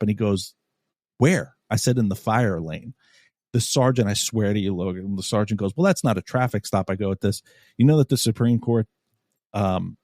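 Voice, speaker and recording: A man hosting a podcast, telling a story in a casual, animated, profane way and acting out what people said. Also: fairly low pitch, no room sound, studio quality. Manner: animated, profane, acts out quotes. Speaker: podcast host.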